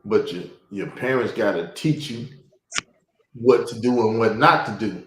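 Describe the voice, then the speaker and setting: A man telling stories in casual chat, profane and animated, with bursts of laughter. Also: on the low side, measured pace, reverberant, slight background noise, rough recording. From Chicago. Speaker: podcast host.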